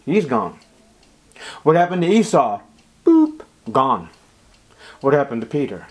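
A man preaching a sermon, acting out Bible scenes with sudden jumps in pitch and volume. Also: big pitch swings, a little slow. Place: church.

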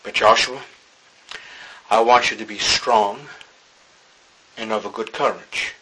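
Brief: male pastor, husky edge, slow dramatic preaching. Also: on the low side, steady tone, sharp tone, low-quality recording. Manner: dramatic, acts out scripture dialogue. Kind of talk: sermon.

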